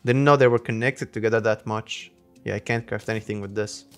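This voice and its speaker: A young man chatting through a let's play, breaking into high yelps and shrieks when danger hits. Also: fairly even intonation, a little fast, fairly bright tone, soft background music. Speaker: gaming channel host.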